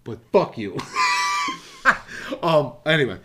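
A man's voice: mid-range voice, animated, slow pace, noisy background. A man co-hosting a podcast in casual chat, rambling and cursing freely as he jokes with his co-hosts. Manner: rambling, profane, jokey. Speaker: podcast co-host.

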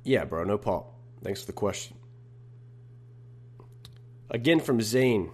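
A man's voice: on the low side, brisk, pauses often, darkish tone, husky. A young man hosting a casual solo podcast, talking in a laid-back, slangy way. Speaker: podcast host.

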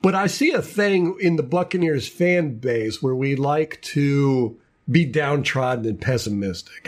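A man hosting a casual sports podcast, ranting with lots of repeated words and restarts. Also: mid-range voice. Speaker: podcast host.

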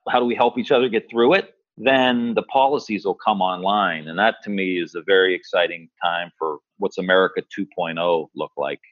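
A man's voice: medium pitch, no room sound, lo-fi sound. A man speaking as a guest politician in an interview, earnest and hopeful, thinking aloud. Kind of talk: interview talk.

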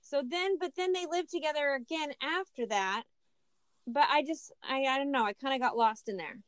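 Curious woman podcast co-host, higher voice. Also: moderate pace, a bit bright, no echo. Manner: curious, asks questions, teasing. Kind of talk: casual chat.

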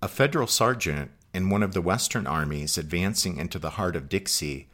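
A man co-hosting a history podcast, reading a scripted narration in a measured way. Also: low-pitched, lively intonation, a bit bright. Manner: measured, reads quotes with some color. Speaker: podcast co-host.

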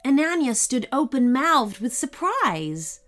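Casting: woman storyteller for kids, lively pitch, slow and gentle delivery. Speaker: podcast host and storyteller. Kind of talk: bedtime story narration.

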